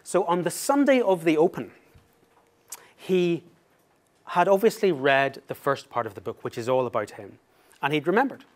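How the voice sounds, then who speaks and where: A man giving a talk as an author, telling an anecdote in a lively, self-mocking way and laughing through the story. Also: on the high side, normal speed, long pauses.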